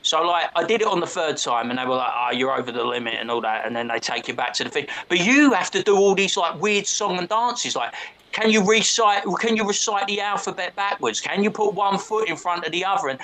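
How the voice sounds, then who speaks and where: A man's voice: sits high, brisk, sharp tone, poor audio. A young man in casual chat, telling a story with slang and swearing. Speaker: podcast co-host.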